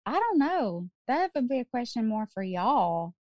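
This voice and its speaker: A woman, co-hosting a podcast in casual chat, self-deprecating and quick to laugh. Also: fairly high pitch, sing-song, darkish tone, dry recording. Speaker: podcast co-host.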